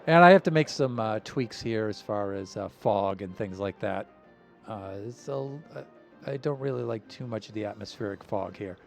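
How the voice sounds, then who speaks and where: A man streaming a game live, talking in an easygoing, rambling way with lots of fillers and soft chuckles. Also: fairly low pitch, lively intonation, moderate pace, creaky, faint music behind.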